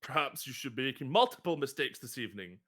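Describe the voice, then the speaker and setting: A courtly, sardonic warforged musician who dresses insults up as good manners. The voice is bright and swings widely in pitch, as a man puts it on in a live tabletop game. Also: big pitch swings, quick pace. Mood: haughty. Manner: mock-courteous, dry put-downs.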